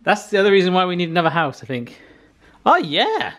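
A man's voice: high voice, rapid-fire, fairly bright tone. A man hosting a casual vlog, chatty and jokey. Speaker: vlog host.

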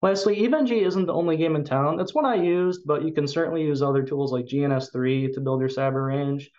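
A man's voice: on the high side, fairly quick, a little mellow, highs cut off. A man with a Chicago accent giving a recorded tech talk at a conference, speaking with enthusiasm and frequent fillers.

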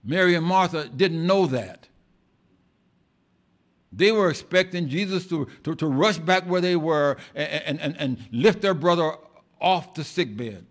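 In a church, a male pastor with a fairly high voice gives an impassioned sermon, a little slowly. He moves from loud, emphatic lines to hushed asides, often restarting and repeating words as he builds his point.

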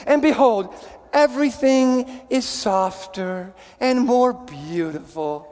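A man putting on the sappiest voice he can as a sentimental holiday narrator, reading slowly in a reverberant hall. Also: very high voice, animated, darkish tone, heavily acted. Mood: sappy. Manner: slow, drawn-out sappy delivery.

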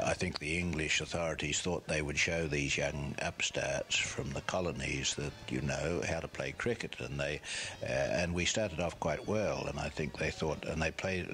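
A man's voice: a bass voice, bright, forceful tone. An older man, a former cricketer telling a rambling anecdote full of asides. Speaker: former cricketer recalling a tour. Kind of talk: anecdotal storytelling.

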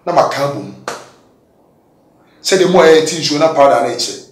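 A man giving a candid testimony in an interview, swinging between loud, emphatic bursts and low mutters. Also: animated, fairly quick. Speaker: guest giving a confession testimony. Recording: echoey room, distant mic.

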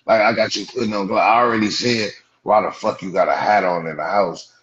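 A man's voice: on the low side, fairly even intonation, fairly quick, fairly bright tone. A man hosting a livestream with a Los Angeles Black English accent, mocking callers in a profane roast, saying "blood" over and over. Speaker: livestream host. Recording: dull lo-fi stream audio.

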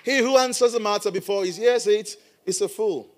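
A middle-aged man preaching a sermon as a pastor in church, animated with playful asides. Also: sits high, a little fast, slight background noise.

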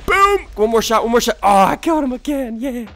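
A man with a stuffy, congested voice giving excitable live gameplay commentary as a video host, yelping and trash-talking opponents. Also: very high voice, fast.

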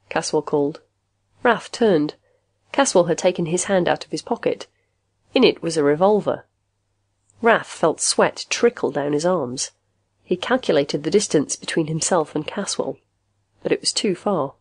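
A woman narrating a science fiction story in an even, measured way. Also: low-pitched, breathy edge, no room sound. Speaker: audiobook narrator. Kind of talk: scripted narration.

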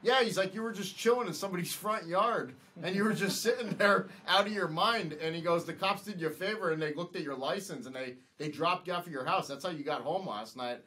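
A man's voice: sits high, brisk, few pauses, pushed and bright. A man, a podcast guest telling a story casually and retelling the dialogue with many "he's like" and "I'm like" asides.

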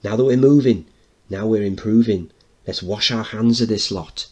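A man reads a play aloud, singing the role of a brash, hopeful working-class mother in a dreamy mood. He sings loud and bold and puts on a posh voice. His own voice is on the low side, close to everyday, at a moderate pace.

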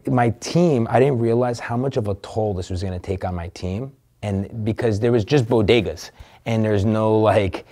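Earnest man with a dark, mellow voice. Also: fairly low pitch. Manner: earnest, emotional, swears casually. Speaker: interview guest, entrepreneur. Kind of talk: candid personal storytelling.

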